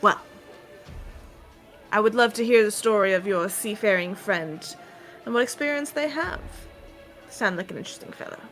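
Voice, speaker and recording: A woman's voice: mid-range voice, a bit bright, faint music behind, lightly acted. A woman playing a stern male sea captain. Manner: measured, formal, deliberate speech. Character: proud male ship captain, stern and wary.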